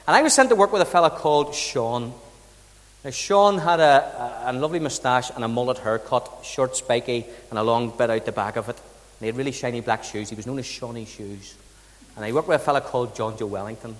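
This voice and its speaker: Preaching in a brisk, mid-range voice, a southern Irish pastor with an Irish accent mixes chatty stories with rhetorical questions. A long reverb tail trails his words.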